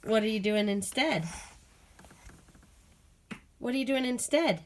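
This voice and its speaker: A woman's voice: fairly high pitch, a little slow, a little hiss or hum. A young mother at home, playfully coaxing and questioning her toddler at bedtime in a casual home video.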